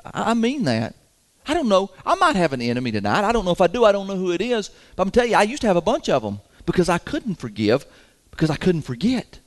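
A male pastor delivering a sermon in a church sanctuary. His voice sits high and swoops lively up and down as he leans into folksy, emphatic points, chuckling between them. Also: fast talker.

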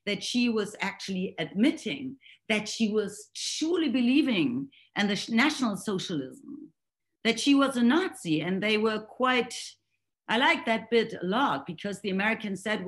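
Woman on a video call, searching for words, lots of restarts, mid pitch. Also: expressive, normal speed. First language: German. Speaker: guest reader in a book talk. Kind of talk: online book discussion.

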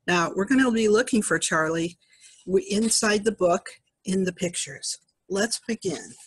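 Reading a picture book to small kids, an older woman gently and slowly points at the pictures to show them the animals. Her husky, mid-range voice comes through with no echo.

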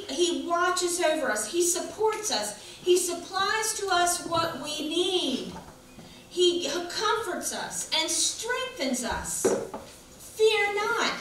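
Woman pastor, high voice, slow sermon, folksy; echoey church recording with hum. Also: a bit bright. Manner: folksy, chatty storytelling with laughs. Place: church sanctuary. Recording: echoey church room, mic far off, background hum.

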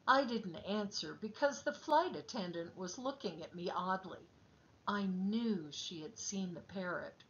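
Slow expressive woman reading a story. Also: medium pitch, muffled recording, slight background noise.

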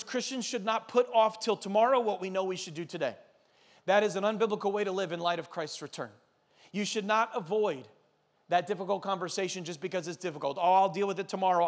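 Male pastor, thirties, high voice, sermon, urgent exhortation. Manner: animated storytelling, urgent exhortation.

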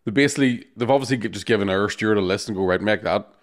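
Male podcast host, low register, rattles through crude anecdotes. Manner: rapid, profane, laughing anecdotes. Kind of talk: casual storytelling chat.

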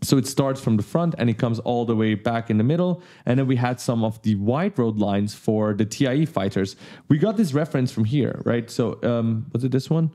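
A man walks viewers through a 3D software lesson. He speaks in a mellow, warm voice. He keeps things casual and simple. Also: medium pitch, moderate pace. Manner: enthusiastic, explains simply. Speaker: tutorial host.

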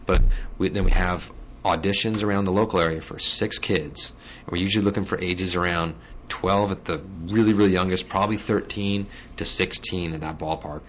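Fast-talking deep-voiced joking man. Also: fairly even intonation, fairly bright tone. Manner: quick, joking, restless energy. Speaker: guest musician and guitar teacher. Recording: dull lo-fi sound with faint hiss.

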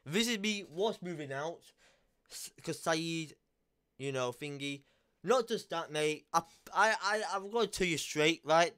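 A man's voice: a little high, expressive, moderate pace, a bit bright, clear, resonant tone. A young man, talking straight to camera in a heated, blunt rant full of swearing and repeated phrases. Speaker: vlogger. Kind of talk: angry confessional rant to camera.

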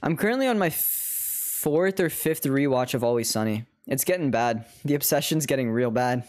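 A woman's voice: a bass voice, expressive, moderate pace, darkish tone. A woman chatting and teasing a friend on a casual game stream, swearing and laughing often. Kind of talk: casual gaming stream chat.

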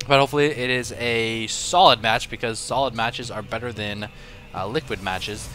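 Bright-voiced joking game commentator man. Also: medium pitch, normal speed, faint music behind. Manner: joking, self-deprecating, rambling asides. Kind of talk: casual esports commentary.

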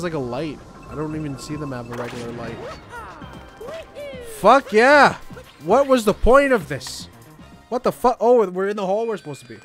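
A young man commenting on a game as he plays, swearing often and joking excitedly. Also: a little high. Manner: profane, excitable, jokey. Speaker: gaming YouTuber. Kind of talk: let's play commentary.

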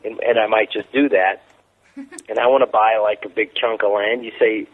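Deadpan American comedian on radio. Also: male voice, lowish voice, normal speed, phone-quality sound. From United States. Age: 40s. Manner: deadpan, rambling jokey asides. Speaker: comedian guest. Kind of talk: joking radio interview. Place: radio studio.

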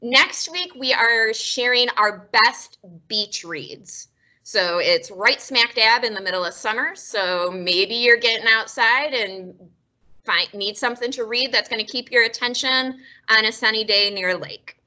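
A woman's voice: on the high side, measured pace, bright, forceful tone, dull audio. A woman librarian hosting a casual book talk, chatty and self-deprecating, often laughing. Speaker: librarian and host.

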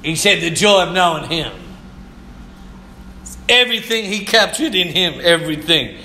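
A man preaching with a high, very bright voice that rings in an echoey church room. He speaks slowly and fervently, repeats his phrases and now and then shouts or sings a line. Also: animated, a little hiss or hum. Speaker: pastor. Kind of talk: sermon.

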